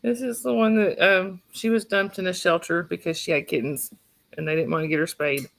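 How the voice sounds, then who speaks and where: Gravelly Southern woman streaming from home. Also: fairly low pitch, fairly even intonation, fairly quick. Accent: Southern US (North Georgia). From North Georgia, USA. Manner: chatty, laughs often, talks to her pets and child. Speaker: livestream host. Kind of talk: casual chat. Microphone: phone.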